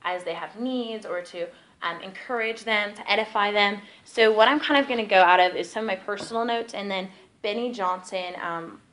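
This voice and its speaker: A woman's voice: medium pitch, moderate pace, slight background noise, poor audio. Chatty young woman telling ministry stories. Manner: chatty, peppered with "like", lively storytelling. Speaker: ministry teacher. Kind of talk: casual teaching talk with stories.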